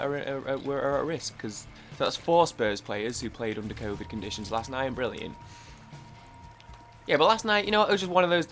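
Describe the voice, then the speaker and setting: Here a male gaming YouTuber talks loosely over his gameplay, wandering off topic, starting sentences over and dropping the occasional swear. He speaks at a medium pitch with a slightly bright quality.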